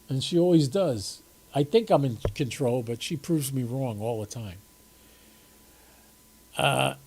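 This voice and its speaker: An older man hosts a ham radio livestream from home, seated on camera and rambling casually to his chat viewers. His voice is medium-pitched, husky, and somewhat dark, and a cold leaves him sounding a little stuffy.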